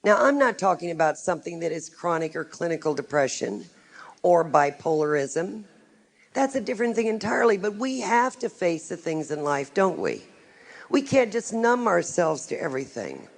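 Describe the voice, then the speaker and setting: A woman's voice: on the low side, sing-song, normal speed, vocal fry. A middle-aged woman, a psychic, giving a live talk to a group with frank, wry, humorous storytelling.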